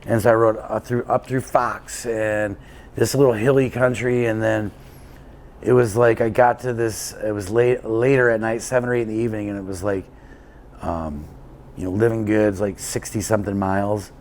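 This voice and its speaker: A man's voice: on the low side, steady tone, moderate pace, a little mellow. A man being interviewed as an endurance cyclist, telling a long story in a casual, rambling way with plenty of fillers and restarts.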